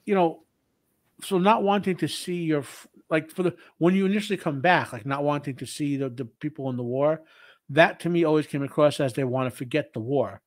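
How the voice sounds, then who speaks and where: A man in casual discussion, talking in a rambling, halting way with lots of filler words. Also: a little high, fairly even intonation, no room sound. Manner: rambling and halting, with frequent "you know" and "like". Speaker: co-host.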